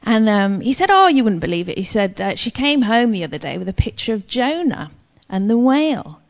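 A woman's voice: a little high, big pitch swings, fairly quick. A woman sharing a personal faith testimony in a chatty, frank, self-deprecating manner, like a sermon. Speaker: Christian speaker. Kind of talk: testimony-style preaching. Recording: long reverb, dull lo-fi sound.

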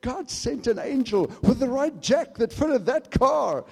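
A man preaching a sermon and telling a story, swinging from hushed asides to shouted exclamations. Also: very high voice, expressive, measured pace, gravelly, few pauses, husky. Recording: long hall reverb.

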